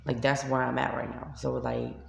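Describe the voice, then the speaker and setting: A woman's voice: a bass voice, flat delivery, normal speed, creaky, roomy sound, slight background noise. A woman with a New York accent, a shelter resident venting to camera in a vlog, upset and tearful as she retells an argument. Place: shelter room by a street window.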